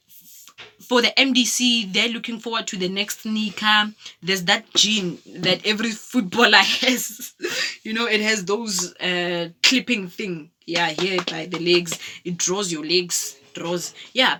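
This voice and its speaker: A woman's voice: mid-range voice, pushed and bright, a little hiss or hum. A South African woman telling personal stories in a casual vlog, reflective, with many fillers and restarts. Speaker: vlogger. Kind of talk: casual storytelling.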